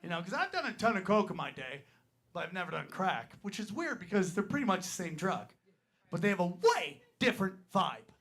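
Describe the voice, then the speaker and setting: A man's voice: sits high, big pitch swings, a little fast, a bit bright. A man performing a crude, rambling stand-up set on a club stage, peppering his story with "right?" asides. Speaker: stand-up comedian. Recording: live club recording with crowd laughter and noise. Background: audience laughing and clapping.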